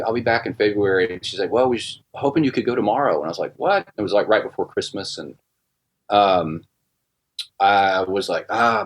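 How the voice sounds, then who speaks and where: Middle-aged guy, kinda low voice, telling a story, stops and restarts a lot. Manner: halting, many restarts and fillers. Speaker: guest musician. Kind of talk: casual storytelling.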